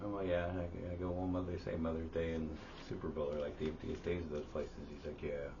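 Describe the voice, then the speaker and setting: A man's voice: quick pace, gravelly. A man co-hosting a casual podcast, telling stories animatedly and swearing often. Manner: animated storyteller, swears a lot, jumps high for quoted voices. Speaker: podcast co-host. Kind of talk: casual chat. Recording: slightly dull audio with faint hiss.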